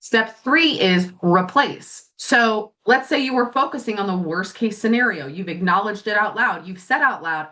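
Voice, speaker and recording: A woman's voice: medium pitch, moderate pace, few pauses. A woman hosting a coaching podcast, talking casually and bluntly with frequent swearing. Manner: blunt and profane, animated. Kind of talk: casual motivational talk.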